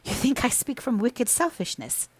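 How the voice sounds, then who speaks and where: A woman voicing a proud, sharp-tongued young mistress of the house who speaks with scorn and emphasis. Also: on the high side, animated, moderate pace, husky, dry recording, voice pushed up. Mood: scornful, emphatic.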